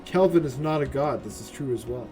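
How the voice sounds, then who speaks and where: A man's voice: mid-range voice, fairly quick. A man giving casual gameplay commentary as a streamer, chatty and profane, often tagging his lines with "right?". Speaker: game streamer. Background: game music.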